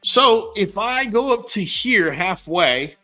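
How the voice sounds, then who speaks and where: A man's voice: high voice, big pitch swings, slow pace, bright, forceful tone, faint music behind. A man hosting a casual livestream as a dog breeder, blunt and slangy, talking straight to his viewers.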